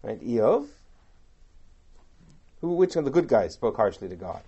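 A man's voice: mid-range voice, very animated, a little slow, mellow, slightly rough, dull audio. A man, a rabbi, giving a text study lecture, asking rhetorical questions and reciting verses, then translating them. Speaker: rabbi teaching a class.

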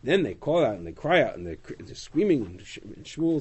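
A man teaching a Bible class, retelling the story with animated storytelling and acting out the quotes. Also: on the low side, moderate pace, few pauses, breathy edge. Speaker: Torah teacher.

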